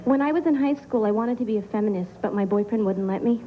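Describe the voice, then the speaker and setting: A woman performing a stand-up comedy set, delivering deadpan one-liners with pauses for laughs on a club stage. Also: medium pitch, noisy background. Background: audience laughter.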